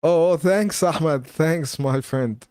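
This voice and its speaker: Man, casual live-stream host, slow unhurried delivery, mid-pitched voice, dry close sound. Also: darkish tone, dry recording. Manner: chatty, laughs often, reads viewer comments aloud.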